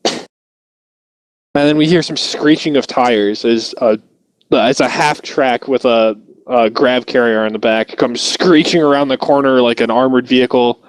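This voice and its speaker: A man running a tabletop game as game master, describing each scene like a film shot with loose, halting restarts. His voice sits at a middle pitch, recorded dry and close with no room sound. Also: no echo, rough recording.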